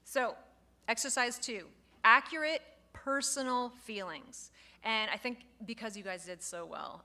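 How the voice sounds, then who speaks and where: A woman instructor giving a lively lecture to a live class, acting out example phrases as she goes. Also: mid-range voice, unhurried. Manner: lively, expressive, acts out quoted phrases.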